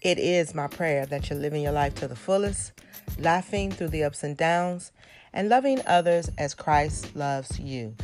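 A woman minister hosting a devotional podcast, telling a fable and preaching in a storytelling manner. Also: low-pitched.

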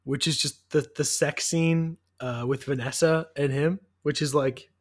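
A man's voice: a little high, steady tone, unhurried. A man co-hosting a podcast in casual chat, rambling enthusiastically with many "like"s. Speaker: podcast co-host.

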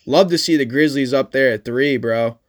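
A man's voice: medium pitch, normal speed. A man co-hosting a sports podcast, chatting casually and with swearing, running through team standings. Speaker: podcast co-host.

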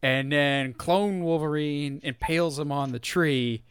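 Animated man with a smooth dry voice. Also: a little high, unhurried, no room sound. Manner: animated storytelling, acts out quotes. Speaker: podcast co-host. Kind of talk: casual chat.

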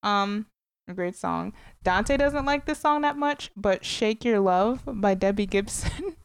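Slow-talking woman who sings along. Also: medium pitch, lively intonation, vocal fry, smooth, no room sound. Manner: chatty, breaks into sung song snippets; blunt, swears casually. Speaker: podcast co-host. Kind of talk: casual chat.

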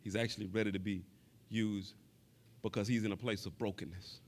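A man preaching a sermon, talking straight to the congregation and repeating words for emphasis, moving between quiet passages and raised, impassioned ones. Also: fairly low pitch, fairly even intonation, a little fast, slight background noise.

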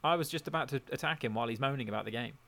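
A man's voice: medium pitch, racing, a bit bright. A man co-hosting a podcast, eagerly narrating his moves step by step in casual chat. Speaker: podcast co-host and player.

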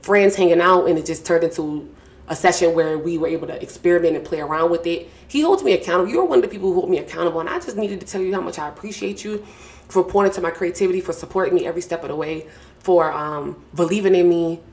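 A young woman hosts her podcast from a small home studio, speaking into a podcast mic. Her voice sits a little low for a woman. She talks in a loose, slangy, heartfelt way and piles up thank-yous. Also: fast. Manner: warm, effusive, slangy, repeats thank-yous. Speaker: podcast host. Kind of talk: casual heartfelt podcast talk. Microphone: podcast mic with mixing board.

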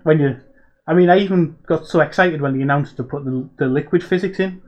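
A man talks as a podcast guest, his voice sitting a little high. He strings anecdotes together with plenty of "like"s, and the sound comes through dull and lo-fi. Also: fairly quick. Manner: chatty anecdotes, many fillers. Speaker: guest, content creator. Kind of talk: casual chat.

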